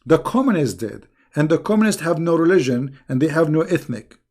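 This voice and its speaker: On this live question-and-answer stream, the male host answers viewers in a voice on the high side, very animated, a little fast, and a little mellow. Emphatic and scolding, he often repeats words when he restarts.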